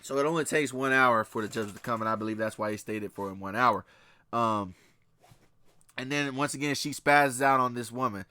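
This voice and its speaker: A man's voice: medium pitch, a little fast, pushed and bright, no echo. A man giving a blunt, profane film commentary in a casual way, mixing in readings from scripture. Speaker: movie reviewer.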